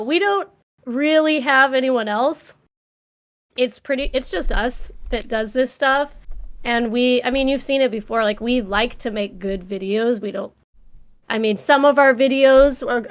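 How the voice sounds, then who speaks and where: A woman co-hosting a live music fundraiser stream, chatting casually in a bubbly, giggly way. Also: fairly high pitch.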